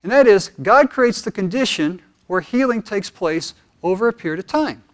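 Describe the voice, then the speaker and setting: High-voiced pastor preaching. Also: male voice, normal speed. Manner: animated storytelling, conversational. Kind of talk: sermon.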